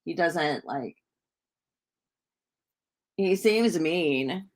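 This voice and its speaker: Slow, low-voiced woman chatting on a livestream. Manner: rambling and chatty, full of fillers; talks to viewers in the chat. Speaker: livestream host and tarot reader. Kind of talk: casual live-stream chat.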